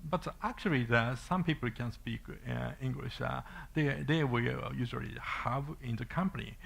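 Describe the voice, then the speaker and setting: A man with a Japanese accent giving a halting conference talk and answering questions, with many fillers and restarts. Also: medium pitch, creaky, fairly bright tone. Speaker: conference speaker.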